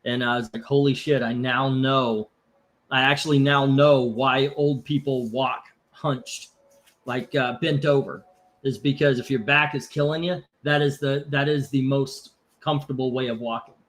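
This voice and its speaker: Fairly bright and medium-pitched, the voice of this comic book auction livestream host moves at a moderate pace with fairly even intonation. In casual chat he rambles and jokes, reading out comments from viewers.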